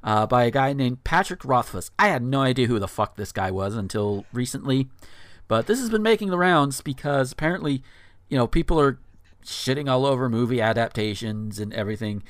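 A man's voice: mid-range voice, expressive, a little fast, no room sound. A man in his thirties reading a blog post aloud on a podcast, breaking off for incredulous asides with frequent fillers. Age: 30s.

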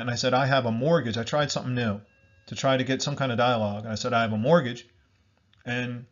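A man delivering an emphatic political monologue, repeating himself and calling his listeners folks. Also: mid-range voice. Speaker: commentator. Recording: dull lo-fi recording.

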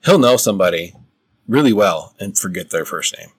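A man's voice: low voice, brisk, breathy edge, dry recording. A man from Wisconsin co-hosting a podcast, telling jokey stories in casual chat. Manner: joking, animated storytelling. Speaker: podcast co-host.

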